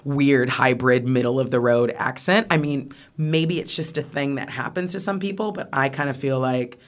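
American woman comic guest, lively chatty delivery, laughs often, restarts mid-thought. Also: extremely low pitch, normal speed. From United States. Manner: animated, laughing, trailing restarts. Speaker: comedian guest. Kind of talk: casual interview chat.

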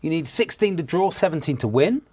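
A man hosting a television quiz in a studio, reading out questions briskly and confirming each answer. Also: fairly high pitch, expressive, darkish tone, slightly rough. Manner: brisk, repeats answers as "tis true". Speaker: quiz show host.

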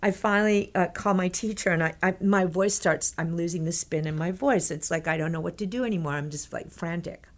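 An older woman from Texas tells stories as an interview guest, her voice sitting a little low. She is lively and laughs often, and she acts out what other people said. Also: a little fast, few pauses. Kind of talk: animated storytelling in an interview.

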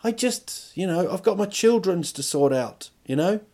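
A man's voice: high-pitched, animated, moderate pace, mellow. A middle-aged man hosting a podcast, rambling through a crude comic monologue with stop-start phrasing and rhetorical questions. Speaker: podcast host.

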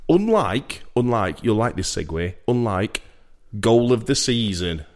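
Jokey man, lively pitch. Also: a little slow. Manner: jokey, breaks into impressions. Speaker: podcast host. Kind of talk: casual chat.

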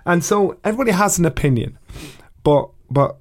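A middle-aged man with an English accent, a guest telling a story in a relaxed interview, lively and acting out other people's voices. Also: sits high, fairly quick. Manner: animated, acts out voices of people in his stories, swears. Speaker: guest, retired boxer.

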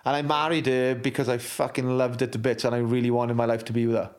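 A man's voice: medium pitch, little pitch movement, quick pace. A Welsh man in his forties, a former rugby captain, talking candidly in an interview, blunt and full of swearing and restarts. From Wales.

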